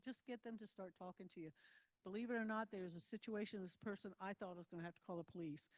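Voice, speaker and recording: A woman's voice: lowish voice, a little mellow, in a large hall. A woman giving a live security training talk to volunteers, moving through slides in a loose, conversational way and often checking in with her listeners. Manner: loose, filler-heavy phrasing.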